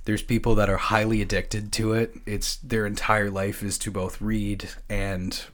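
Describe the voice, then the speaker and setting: A man's voice: fairly low pitch, level tone, measured pace, a bit bright. Swearing, jokey podcast host man. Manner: jokey, swears freely, laughs often. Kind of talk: casual podcast banter.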